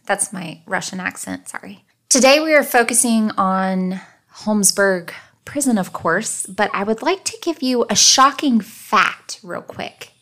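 A woman hosting a true-crime podcast in casual chat, talkative and quick to laugh. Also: mid-range voice, lively intonation, fairly bright tone. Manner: chatty, digresses, laughs easily. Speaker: podcast host.

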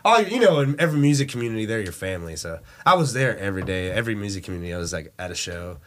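Low-voiced texas drummer dude chatting easy on a podcast, laughs a lot. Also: male voice, sing-song, racing, a bit bright, a little hiss or hum. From Dallas, Texas. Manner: laid-back, laughs often, quotes friends. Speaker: drummer and band member. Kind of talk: casual podcast chat.

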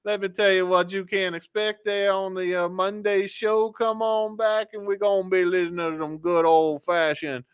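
A man's voice: sits high, flat delivery, moderate pace, few pauses, clean tone, dry recording, clean studio sound, close to an everyday voice. A man putting on a joking Southern country-boy accent with a folksy drawl. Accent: Southern US (put on).

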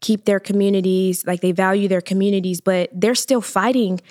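A woman's voice: medium pitch, steady tone, moderate pace, darkish tone, dry recording, studio quality. A woman co-hosting a podcast, explaining her views in a casual, thoughtful way. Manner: explanatory, thoughtful, many fillers. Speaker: podcast co-host.

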